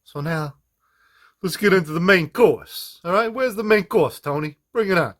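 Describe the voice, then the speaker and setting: Lively, rambling guitar-workshop guy. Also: high-pitched, moderate pace. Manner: rambling, loose and profane, peppered with "man" and "you know what I mean"; laughs at his own jokes. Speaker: host of a guitar repair video journal. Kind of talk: casual hands-on workshop chat.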